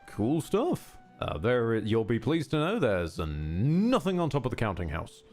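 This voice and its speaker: A man streaming a video game, chatting casually with wry jokes and quick asides. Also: medium pitch, very animated, a little mellow, soft background music. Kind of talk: casual gameplay chat.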